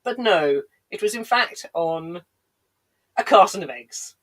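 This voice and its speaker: A woman's voice: on the low side, lively intonation, takes it slowly, poor audio. A woman comedian telling digressive stories with dry, self-deprecating asides. She sounds a bit congested, with a lingering cough, on a home livestream. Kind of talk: rambling comic storytelling on a livestream.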